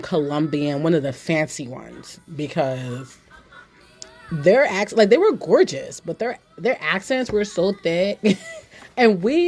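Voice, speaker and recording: A woman podcast host telling candid stories in casual chat, blunt and animated, with many "like"s. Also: low-pitched. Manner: blunt, animated storyteller with frequent "like".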